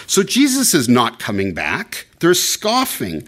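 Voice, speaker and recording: Male preacher, mid-pitched, explanatory, digressive teaching sermon. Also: huge pitch swings, a little slow, hardly any pauses, fairly bright tone. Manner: explanatory, digressive, frequent fillers and restarts. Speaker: pastor. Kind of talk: expository sermon.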